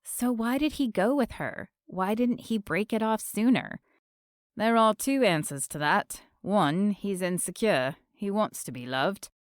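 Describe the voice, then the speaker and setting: A woman's voice: medium pitch, animated, a little slow, no room sound, clean studio sound, lightly acted. A woman doing a gossipy male friend. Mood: confiding.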